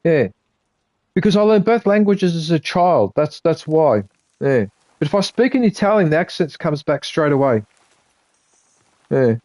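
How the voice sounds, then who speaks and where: A man's voice: on the high side, animated, unhurried, long pauses, darkish tone, dry recording. A man with an Australian accent chatting casually to his live-stream viewers while he plays a game. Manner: rambling, chatty, talks to viewers between game remarks.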